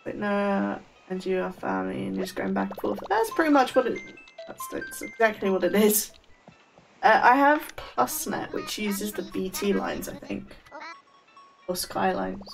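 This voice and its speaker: Slow-talking woman streamer. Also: mid-range voice, expressive, vocal fry, recorded from a distance, music in the background. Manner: rambling, stammering restarts, laughs often. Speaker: game streamer. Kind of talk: casual live-stream chat.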